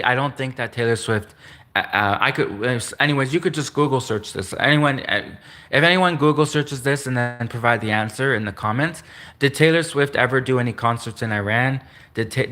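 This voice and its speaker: A man hosts a solo livestream, his voice bright and forceful at a middling pitch. He rambles along, restarting sentences and repeating phrases, and now and then chuckles at his own slips. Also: fairly quick. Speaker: livestream host.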